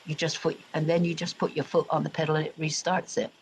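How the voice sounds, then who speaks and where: A livestream host from England with an English accent softened by years in America, chatting loosely and talking straight to viewers. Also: mid-range voice, flat delivery, quick pace, a little hiss or hum, rough recording. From England, Royal Berkshire. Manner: rambling, chatty, addressing viewers directly. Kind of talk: casual livestream chat.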